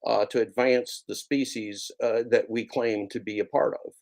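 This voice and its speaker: Host, man in his forties: low gravelly voice, sardonic repetitive ramble. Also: steady tone, normal speed, a little mellow. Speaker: channel host. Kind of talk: rambling comedic monologue.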